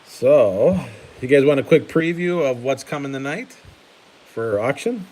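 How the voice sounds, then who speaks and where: A man's voice: mid-range voice, expressive, measured pace, darkish tone, rough recording. A man hosting a casual card-collecting live stream, chatty and laughing often while he sorts cards at his table.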